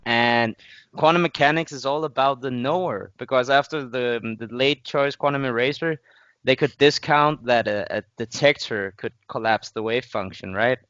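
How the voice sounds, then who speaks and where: Danish man, smooth clear voice. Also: mid-range voice, moderate pace, fairly bright tone, no echo. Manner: lecturing, builds arguments step by step. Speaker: podcast host. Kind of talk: casual conversation. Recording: muffled dull audio.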